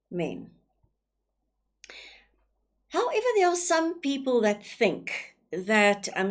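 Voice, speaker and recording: A woman teacher with a South African English accent, explaining a lesson with many ums and repeated words, often asking rhetorical questions. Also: medium pitch.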